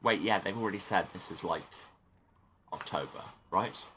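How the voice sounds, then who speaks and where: A man's voice: deep voice, normal speed, fairly bright tone, slight background noise. A man hosting a game playthrough, reading the story text aloud and adding wry asides. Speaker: let's play host.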